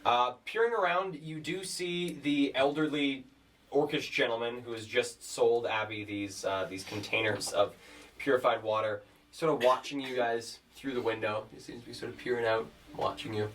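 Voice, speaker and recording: A man's voice: medium pitch, steady tone, normal speed, a bit bright, a little hiss or hum. A man acting as game master, describing scenes to his players with hesitant fillers. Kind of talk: narrating a tabletop game. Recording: distant mic.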